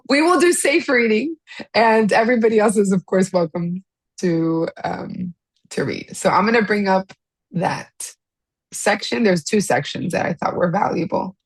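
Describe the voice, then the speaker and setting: Gentle woman hosting a video-call meetup. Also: medium pitch, animated, a little slow, pauses often, husky, dry recording. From Miami. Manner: gentle, reflective, with frequent laughs and restarts. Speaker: host of an online study meetup. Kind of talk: casual spiritual group chat.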